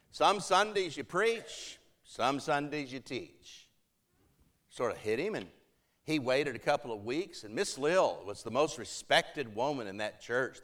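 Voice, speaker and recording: A man's voice: fairly high pitch, a bit bright. A middle-aged pastor preaching a sermon, shifting his voice to act out the people he quotes.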